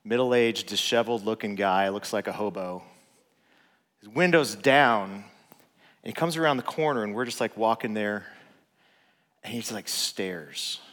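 A man, a father, telling a personal story in a relaxed, conversational way with lots of filler words. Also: fairly low pitch, normal speed, long pauses. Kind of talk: casual storytelling. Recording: long reverb.

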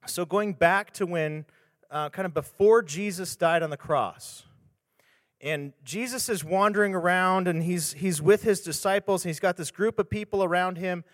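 A man's voice: high voice, moderate pace, no echo, clean studio sound, in a large hall. A man, a pastor, speaking candidly and conversationally about scripture, retelling stories with restarts and casual asides. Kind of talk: casual devotional talk on scripture.

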